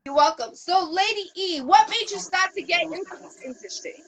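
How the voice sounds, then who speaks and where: A woman hosting an interview show with a heavy accent, eager and upbeat, quick with shout-outs. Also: extremely high pitch, lively intonation, slight background noise, rough recording. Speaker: interview host.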